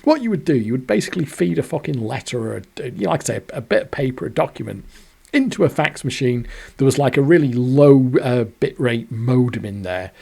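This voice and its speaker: A man's voice: mid-range voice, expressive, fairly quick, vocal fry, dark tone, breathy edge. A man, telling a rambling, sweary personal story. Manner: rambling, sweary, self-deprecating. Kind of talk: casual storytelling monologue.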